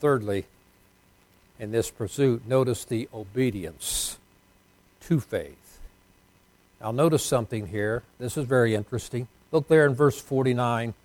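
A pastor preaching a folksy sermon, swinging between loud emphatic lines and hushed ones. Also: male voice, medium pitch, a little slow, long pauses.

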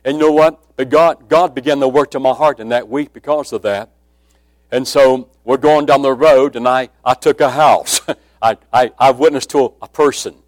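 A man preaching a sermon with a personal testimony, speaking emphatically and dropping to a hushed voice when quoting. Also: medium pitch, moderate pace, no room sound.

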